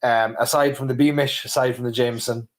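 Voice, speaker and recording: A man with a Cork Irish accent co-hosting a casual livestream. His pitch sits in an ordinary middle range. He rambles with playful, self-mocking asides. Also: steady tone, a little fast. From Ireland, Cork. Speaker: livestream co-host.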